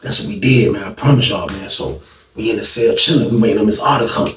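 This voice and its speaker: A man's voice: on the low side, quick pace, a little hiss or hum. Man telling a jail story, echoey room. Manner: animated, slangy, repetitive, acts out quotes. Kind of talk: casual storytelling. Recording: echoey room, distant mic.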